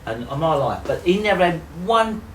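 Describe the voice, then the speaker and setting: A man's voice: fairly high pitch, big pitch swings, moderate pace, slight background noise. A middle-aged man, rambling through jokes and stories in casual chat and swearing freely. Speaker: joke teller. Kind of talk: rambling pub-style joke telling. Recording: echoey container from far off.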